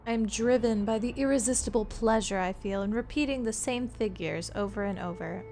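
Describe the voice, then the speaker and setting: Soft background music plays as this Florida streamer, a woman, works through a point-and-click detective game and jokes around with her audience. She speaks a little fast at a fairly high pitch with a darkish tone, keeping her let's play commentary chatty, playful, and directed at chat.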